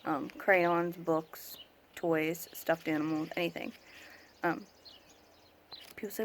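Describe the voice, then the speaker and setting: A woman's voice: medium pitch, moderate pace, gravelly, slight background noise. A young woman venting in a casual vlog about remarks made to her as an autism parent, emphatic and exasperated, sometimes mimicking other people.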